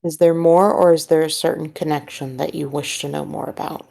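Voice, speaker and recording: An earnest, measured man speaks calmly and carefully in a low, gravelly voice, as a woman puts him on. He lays out his reasons patiently, each point weighed before he moves on. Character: earnest, measured man courting disillusioned people.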